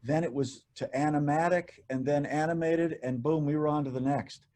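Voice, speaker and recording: A man chatting casually as a guest, relaxed and self-deprecating as he looks back on his writing and voice work. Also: a little high, moderate pace. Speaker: guest, animation writer and voice actor. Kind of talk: casual chat.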